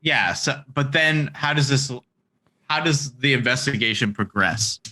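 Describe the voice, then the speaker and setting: A man co-hosts a casual chat and keeps the talk on track, hesitating with many fillers. His voice is strikingly bright and sharp, at a mid pitch. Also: animated, measured pace. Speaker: podcast co-host.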